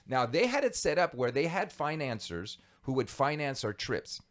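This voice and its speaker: A man's voice: mid-range voice, normal speed, few pauses. A man telling a tale from his past as a podcast guest, his voice rising and falling with real animation. He laughs easily and leans into the dramatic beats. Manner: animated, lively storyteller who laughs easily. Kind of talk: conversational storytelling.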